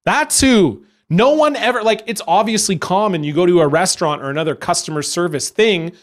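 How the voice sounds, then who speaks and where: A young man telling a story as a stand-up comedian, animated and acting out other people along the way. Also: high-pitched, fairly quick.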